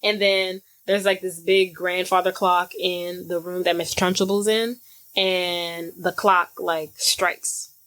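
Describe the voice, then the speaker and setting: A woman's voice: fairly low pitch, slow. Casual woman retelling a movie. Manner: animated storytelling with acted-out quotes; casual slang. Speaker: podcast co-host. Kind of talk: casual movie recap chat.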